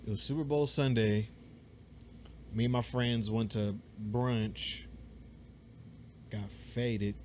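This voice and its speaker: Young guy on a podcast, rambling story, animated, swears a lot, middle pitch, faint noise behind. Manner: rambling, animated, swears freely, acts out quoted voices. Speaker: podcast co-host. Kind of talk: casual storytelling chat. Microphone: podcast mic.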